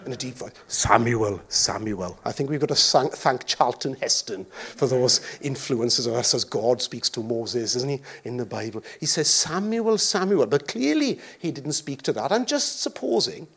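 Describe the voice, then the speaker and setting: A man's voice: mid-range voice, moderate pace, vocal fry, hardly any pauses, slightly rough. A man preaching a sermon as pastor, joking and acting out voices along the way. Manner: jokey, animated, acts out voices.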